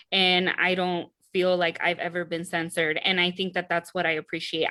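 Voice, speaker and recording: Young woman, measured earnest talk, low pitch, even tone, video call. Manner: earnest, measured, with frequent ums and rights. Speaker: panelist.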